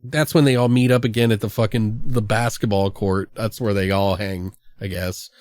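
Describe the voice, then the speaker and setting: A man co-hosting a podcast, retelling a movie's scenes in a casual, excited way with lots of swearing and acted-out lines. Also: fairly low pitch, normal speed, no echo. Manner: excited, profane storytelling, acts out film lines. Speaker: podcast co-host. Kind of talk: casual movie review chat.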